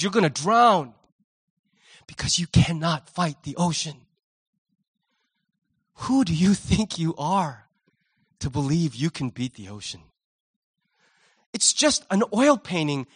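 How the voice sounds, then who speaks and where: A high-pitched man delivers a Sunday sermon from the pulpit. He paints vivid scenes with animated storytelling and drops humorous asides along the way. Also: normal speed, long pauses. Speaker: pastor.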